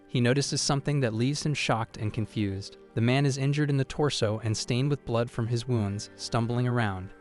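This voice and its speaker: A man narrating a comic-story recap in an even, scripted third-person telling. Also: medium pitch. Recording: faint music behind the voice.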